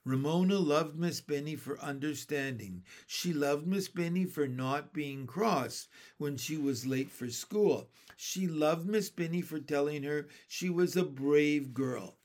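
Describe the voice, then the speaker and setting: A man reading a children's chapter book aloud in a calm, careful storytelling manner. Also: a little high, a little slow, few pauses. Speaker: storybook reader.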